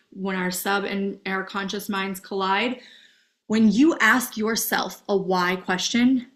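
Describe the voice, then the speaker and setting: A young woman gives a relaxed coaching talk with a bright, forceful tone. She is candid, swears freely and keeps checking in with her listeners. Her pitch sits in the middle for a woman. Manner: chatty and candid, swears freely, asks "okay?" often. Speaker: dating and self-help coach. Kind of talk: casual coaching masterclass.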